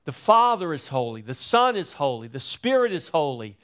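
A man preaching a sermon in a slow, emphatic way, repeating phrases for weight, his voice rising and then dropping low at the ends of phrases. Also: sing-song, fairly bright tone. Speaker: pastor.

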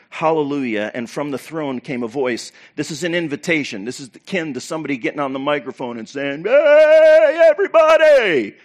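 A pastor preaching to his church, animated and preacherly, with loud bursts and quiet asides. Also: mid-range voice. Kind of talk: sermon.

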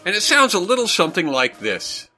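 A bright, sharp-voiced man hosts a comedy show, joking playfully with friends. His voice is lively and animated, picked up by a computer mic on a video call. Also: sits high, fairly quick, faint music behind. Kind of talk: casual online chat.

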